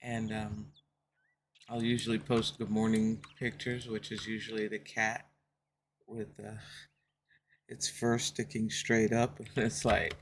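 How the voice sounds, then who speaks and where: A woman's voice: extremely low pitch, slight background noise. A woman streaming a game, chatting casually with her viewers, laughing often and telling stories from home.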